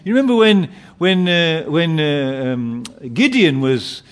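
A man's voice: a little high, lively intonation, slow pace. A man preaching a sermon, emphatic, often repeating and restarting his phrases.

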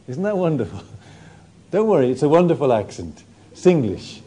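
Male preacher, expressive storyteller, lively pitch, mellow tone. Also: normal speed. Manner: animated storytelling with warm humour. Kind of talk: sermon.

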